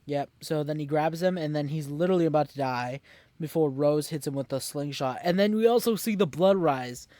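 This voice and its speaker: Man, podcast co-host, rambling casual recap, slightly higher voice, dry close mic. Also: brisk, mellow, no echo. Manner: rambling, lots of fillers and restarts. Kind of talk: casual chat recapping an episode.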